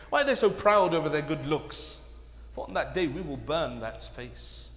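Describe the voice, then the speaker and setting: High-voiced man preaching in an echoey hall. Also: a little fast. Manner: dramatic storytelling with rising shouted peaks. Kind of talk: sermon. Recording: echoey hall, long reverb.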